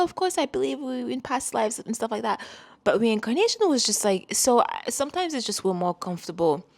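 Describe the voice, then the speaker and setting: A woman who grew up speaking French, hosting a podcast on astrology in a casual, rambling monologue, often correcting herself and breaking into laughs. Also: on the low side.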